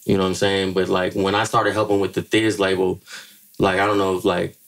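This middle-aged Bay Area music manager, a podcast guest, spins casual stories in a creaky voice at a slightly quick pace. Animated and profane, he voices quotes by leaping to a higher pitch.

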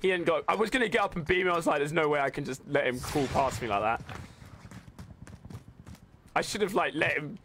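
A young man streaming a game live, bantering with his chat in an excitable, swearing way into a desk microphone. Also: on the high side, brisk, pauses often. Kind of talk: live gameplay commentary. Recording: noisy stream audio with clicks.

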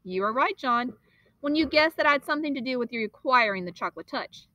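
A woman doing a calm, sly old shopkeeper. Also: sits high, dry recording, voice pushed up, poor audio. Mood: explaining. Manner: unhurried, measured, gently lecturing.

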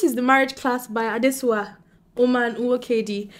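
A young woman from Nigeria chatting excitedly and giggling as she talks straight to her viewers. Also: on the high side, normal speed. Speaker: book vlogger. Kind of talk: casual chat to camera.

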